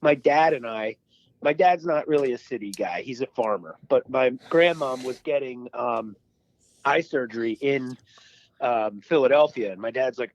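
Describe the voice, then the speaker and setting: A man's voice: mid-range voice, moderate pace, no room sound, dull audio. A man co-hosting a podcast, swapping stories in casual chat and swearing now and then. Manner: swearing, storytelling. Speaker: podcast co-host.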